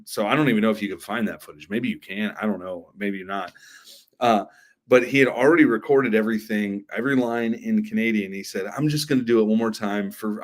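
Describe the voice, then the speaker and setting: Excitable podcast guest. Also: male voice. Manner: enthusiastic storyteller, says "like" and "man" often, pitch jumps when excited. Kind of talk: casual podcast chat.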